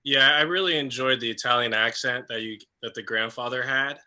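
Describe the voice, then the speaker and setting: Male co-host from Ohio, bright tense tone, easygoing interviewer. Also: mid-range voice, fairly quick. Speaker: podcast co-host. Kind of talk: casual podcast interview.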